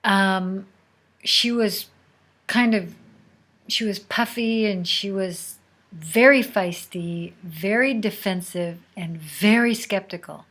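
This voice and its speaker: Woman, podcast host, casual storytelling, unhurried, slips into a near whisper, mid-range voice. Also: medium pitch, fairly bright tone.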